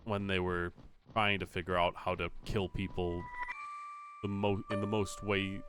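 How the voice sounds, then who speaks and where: A man's voice: sits low, flat delivery, unhurried, fairly bright tone. A man streaming a video game, talking in a rambling, casual way and swearing often. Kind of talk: live gameplay commentary. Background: game music.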